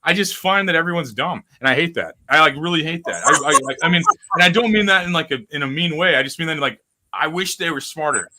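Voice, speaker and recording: A man's voice: fairly high pitch, fast talker, heavy background noise. A man hosting a casual podcast chat, rambling and profane as he riffs on stories. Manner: rambling, profane, restless riffing. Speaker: podcast host.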